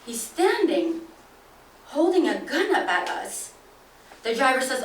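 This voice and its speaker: A woman telling a dramatic first-person story, expressive, acting out each voice. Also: high voice, a little slow, long pauses. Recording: echoey room, from a distance.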